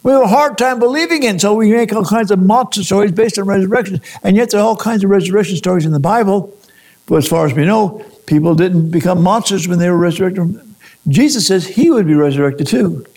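This preacher, a man whose high voice carries a gravelly edge, works through his sermon searchingly, tossing out rhetorical questions and frequently breaking off to restart phrases. He speaks a little fast with a slightly mellow tone.

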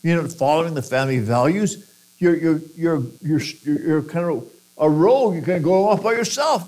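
A man's voice: on the high side, moderate pace, a little mellow, rough recording. A man preaching a sermon who acts out quoted voices and sometimes repeats words.

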